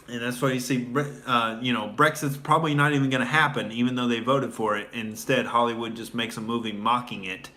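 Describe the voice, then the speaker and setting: Male comedian host, sarcastic ranting delivery, bright tense tone. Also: mid-range voice, steady tone, brisk, hardly any pauses. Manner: sarcastic, mocking, rambling with many fillers. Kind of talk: comedic political rant.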